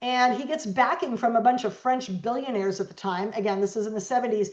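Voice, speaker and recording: A middle-aged woman guest telling stories in an interview, animated and acting out the voices of the people she quotes. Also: fairly high pitch, a little fast. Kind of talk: storytelling interview talk. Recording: echoey, dull lo-fi sound.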